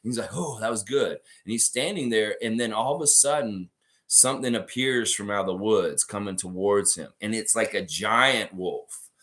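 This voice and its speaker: A man hosting a casual basketball fan vlog, talking in a rambling, animated way with lots of fillers. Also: lowish voice, normal speed. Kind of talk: casual sports chat and improvised storytelling.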